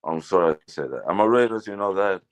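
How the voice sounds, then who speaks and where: Very deep-voiced man, apologetic guest. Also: lively intonation, fast talker. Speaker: livestream guest. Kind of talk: casual call-in chat.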